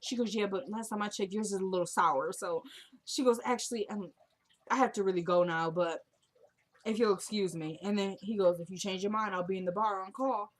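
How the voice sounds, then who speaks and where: A woman's voice: medium pitch, a little fast. A young woman casually recapping a TV drama episode, retelling scenes and quoting the characters in a chatty way.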